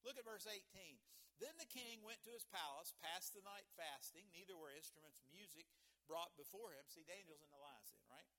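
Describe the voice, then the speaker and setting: A man's voice: sits high, normal speed, sharp tone. A man preaching a sermon as pastor, conversational, tossing in "right?" asides and chuckles.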